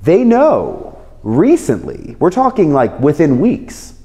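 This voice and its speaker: Animated man teaching in a reverberant hall. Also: fairly high pitch, takes it slowly. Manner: explains with everyday examples, animated emphasis. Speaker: Bible teacher. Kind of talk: conversational Bible teaching.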